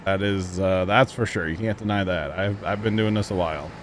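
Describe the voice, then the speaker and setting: A man's voice: sits low, fairly even intonation, a little fast, slight background noise. A man livestreaming, chatting casually and rambling easygoingly to his viewers. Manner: rambling and easygoing, talks straight to chat. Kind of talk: casual chat to a livestream audience.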